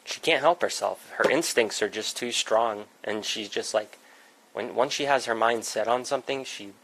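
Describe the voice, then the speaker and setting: A man's voice: mid-range voice, normal speed, vocal fry, fairly bright tone, poor audio. A man hosting a casual livestream from a home music setup, chatting and scolding his pets in an exasperated way.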